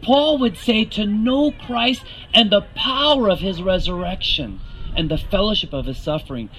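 A man's voice: high-pitched, normal speed, a bit bright, a little hiss or hum, low-quality recording. A man preaching a sermon, earnest and rising to emphatic questions to the congregation.

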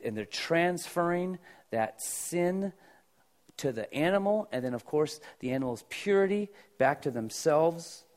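A man's voice: medium pitch, a little mellow. A middle-aged male pastor preaching a sermon, explaining scripture in a conversational, folksy way with asides to the congregation.

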